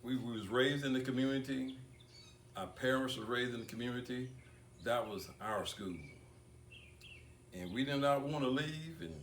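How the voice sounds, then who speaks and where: An older man giving a tribute speech at an awards ceremony, talking deliberately with repeated words and long pauses. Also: medium pitch, slight background noise. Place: banquet hall. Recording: echoey room picked up from far off.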